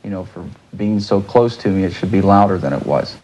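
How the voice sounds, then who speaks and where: A man recounts his story in an interview, rambling and repeating "you know". His voice sits fairly low with a dark, mellow tone. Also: fairly quick, lo-fi sound, a little hiss or hum. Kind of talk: casual interview recollection.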